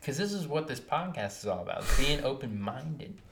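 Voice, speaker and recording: A man's voice: mid-range voice, very animated, moderate pace, gravelly, crowd noise. Podcast co-host, man, Wilmington Southern accent, rambling with lots of ums, roomy sound. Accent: Wilmington North Carolina Southern. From Wilmington, North Carolina. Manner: rambling, searching for words with many ums. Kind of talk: casual podcast chat. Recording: echoey room.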